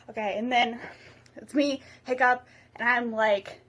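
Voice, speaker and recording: Young woman's jokey, slightly high retelling. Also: steady tone, normal speed. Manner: breathless, jokey and self-mocking. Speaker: comedic solo performer. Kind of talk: comic movie retelling, acting all the parts.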